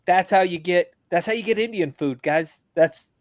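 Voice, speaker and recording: A man's voice: moderate pace, dry recording, studio quality. A man, a veteran guest on a podcast, talking casually and bluntly, joking as his voice climbs while he rants, over a video call. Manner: blunt, joking, gets louder and higher as he rants.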